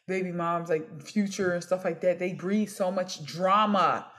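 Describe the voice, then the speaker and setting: A woman's voice: lowish voice, fairly even intonation, measured pace, a bit bright. A young adult woman co-hosting a casual gossip podcast, talking in a blunt, opinionated and slangy way. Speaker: podcast co-host.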